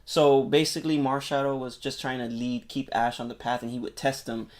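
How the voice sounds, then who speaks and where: A man on a podcast excitedly retelling a movie plot in casual, rambling chat, full of filler words and swearing. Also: medium pitch, brisk. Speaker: podcast co-host.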